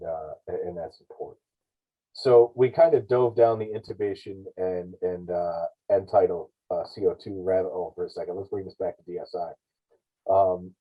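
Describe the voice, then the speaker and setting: A man talks through emergency care on a podcast, rambling and often correcting himself mid-sentence. His voice sits low and has a husky edge. The audio is dull and lo-fi. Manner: rambling, explanatory, self-correcting. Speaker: paramedic guest. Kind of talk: podcast discussion.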